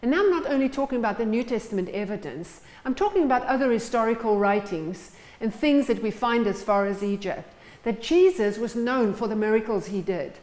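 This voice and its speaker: A woman's voice: on the high side, expressive, brisk, darkish tone, rough recording. A woman preaching a sermon in church, retelling stories and acting out the scenes. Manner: storytelling, acts out the scenes.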